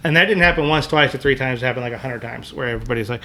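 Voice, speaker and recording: A man's voice: mid-range voice, racing, hardly any pauses, sharp tone. Rambling man telling hunting stories. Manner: rambling, full of "like" fillers. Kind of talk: casual storytelling.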